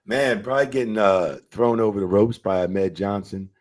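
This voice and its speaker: A man's voice: lowish voice, normal speed, no echo. A man in a casual interview who tells stories, swears freely and acts out quotes animatedly. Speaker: retired wrestling referee, guest.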